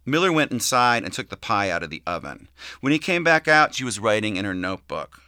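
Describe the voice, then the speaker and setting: A man narrating a novel in an expressive, varied way on a close studio mic. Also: lowish voice, brisk, smooth, dry recording. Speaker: audiobook narrator.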